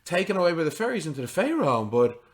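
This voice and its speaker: An earnest, loyal gendarme from a tabletop fantasy game, put on by a man, pitched well above a normal speaking voice. He talks in excited bursts that stumble and restart. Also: fast. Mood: urgent.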